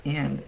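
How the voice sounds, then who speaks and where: A woman's voice: dark tone, slight background noise, rough recording. A woman psychic medium chatting casually through a reading, laughing often as she relays messages.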